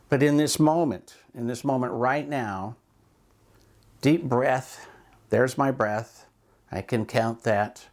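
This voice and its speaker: Man, mid-pitched, calm coach talking casually and reflectively, with asides. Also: slow, long pauses. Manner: calm, reflective, with loose asides and self-talk examples. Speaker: speaker and coach. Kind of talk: casual talk on mindfulness.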